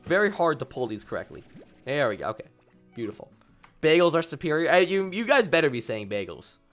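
Animated young male game streamer. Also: a little high, fairly quick, faint music behind. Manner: rambling, playful, reads chat aloud. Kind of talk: casual gameplay commentary.

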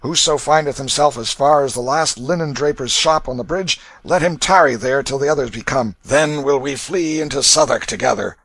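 A man reading aloud, voicing a rough, brutal middle-aged father who barks and growls orders in archaic speech. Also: medium pitch, normal speed, hardly any pauses, a bit bright, no room sound, pitched above the performer's own voice. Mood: commanding.

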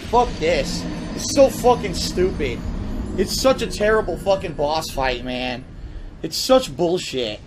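A man's voice: high-pitched, slight background noise. A man giving live gameplay commentary, ranting with profane frustration and heavy sarcasm. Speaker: gaming streamer.

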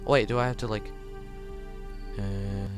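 A man playing a voice-controlled game and talking to his viewers in a chatty, confused way, now and then breaking into loud high yells, with his mic held close to his mouth. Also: steady tone, measured pace, music in the background. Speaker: gaming YouTuber. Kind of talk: casual let's play commentary. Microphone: handheld mic held close to the mouth.

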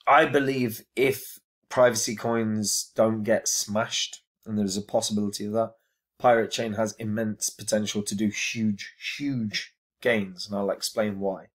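A man's voice: fairly low pitch, little pitch movement, a little slow. A man giving a casual crypto review to camera, earnest and emphatic, often repeating his words for stress.

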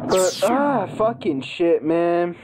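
A woman's voice: on the low side, sing-song, slow. Giggly, foul-mouthed woman gamer. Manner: profane, giggly, rambling and playful. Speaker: gaming commentator. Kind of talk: casual let's-play commentary. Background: game music.

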